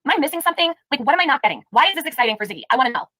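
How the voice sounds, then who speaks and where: Angry lady streamer ranting at chat, quick and bright. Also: high voice, animated, dry recording, rough recording. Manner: indignant, fires rhetorical questions at chat. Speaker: livestream host. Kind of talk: heated live-stream commentary.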